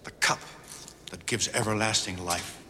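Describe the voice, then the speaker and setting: An actor playing a ruthless, greedy middle-aged male villain, with a smooth and coolly menacing delivery in a film scene. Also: lowish voice, fairly even intonation, normal speed, background noise, lightly acted. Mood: greedy, scheming. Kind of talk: film acting. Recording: film soundtrack with score and reverb.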